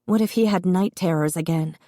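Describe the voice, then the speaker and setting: A woman reading an audiobook in steady, expressive narration. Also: lowish voice, fairly quick, no echo, studio quality.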